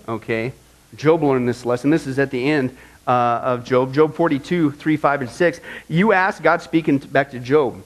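On a rough recording, a male pastor with a medium-pitched voice preaches a sermon at a moderate pace. He poses rhetorical questions to the congregation and acts out the complaints of the people he quotes.

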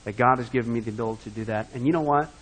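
A male pastor preaching a sermon, swinging from loud, emphatic passages down to low, hushed asides. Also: racing, husky, poor audio.

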